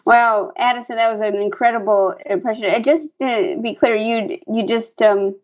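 A woman hosting a playful call-in game over a video call. Her voice sits a little high, and her delivery is bemused and deadpan, often breaking into giggles. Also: normal speed. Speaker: podcast host. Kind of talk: comedic game-show hosting.

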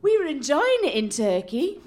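Woman telling an absurd story deadpan. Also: high-pitched, normal speed. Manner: deadpan, absurd comic narration. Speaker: comedian narrator. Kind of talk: live comic storytelling. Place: live stage at a festival.

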